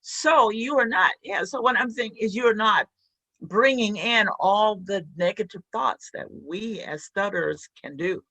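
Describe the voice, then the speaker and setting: Brief: woman interviewer, slow deliberate delivery, hesitant, fillers. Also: mid-range voice, sharp tone, rough recording. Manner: hesitant, many ums, long searching questions. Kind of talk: conversational interview.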